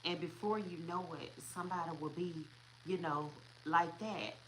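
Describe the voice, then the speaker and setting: Woman, tarot reader, chatty, repetitive, low-pitched, faint background hiss. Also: moderate pace, rough recording. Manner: chatty, repeats herself, laughs often. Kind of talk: casual tarot reading.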